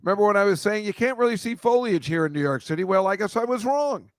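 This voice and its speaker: A man's voice: high voice, animated, fast, no echo, clean studio sound. A man hosting a casual chat, rambling and swearing as he riffs through photos. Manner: rambling, profane, riffing on photos. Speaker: host.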